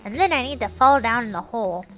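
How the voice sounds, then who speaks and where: Bright high-voiced woman, playful gamer. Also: lively intonation, fast, soft background music. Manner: chatty, playful, narrates her own actions; teasing mock scolding. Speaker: gaming streamer. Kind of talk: casual gameplay commentary.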